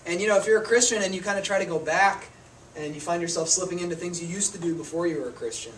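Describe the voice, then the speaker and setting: A man's voice: high voice, quick pace, fairly bright tone. A man giving a casual, conversational sermon, telling stories about himself with self-deprecating humor. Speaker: preacher. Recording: distant mic with noticeable room noise.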